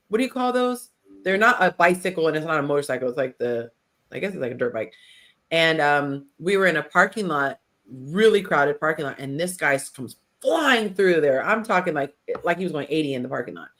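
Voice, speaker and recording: Animated woman hosting a chat podcast. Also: deep voice. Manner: animated storytelling, acts out quotes. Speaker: podcast host. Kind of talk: casual panel chat.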